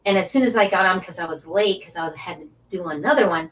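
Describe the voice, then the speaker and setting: A woman's voice: mid-range voice, fairly quick, few pauses, far from the mic. A woman hosting a casual live stream, chatty and effusive, cheering on and encouraging her viewers. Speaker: angel card reader and Reiki teacher hosting a live stream.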